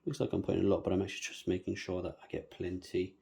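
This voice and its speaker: A man's voice: low voice, completely flat delivery, fast, vocal fry, warm tone. A man casually talking viewers through a hands-on planting tutorial, chatty and humming little nonsense syllables as he works. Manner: chatty, talks to viewers while working, hums nonsense syllables. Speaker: bonsai planting demonstrator.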